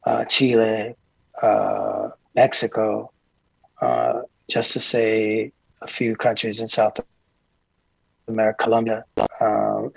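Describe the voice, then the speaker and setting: A man being interviewed as a guest, a tour manager telling calm, earnest stories with frequent restarts. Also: lowish voice, creaky, dry recording, rough recording. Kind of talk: casual interview chat.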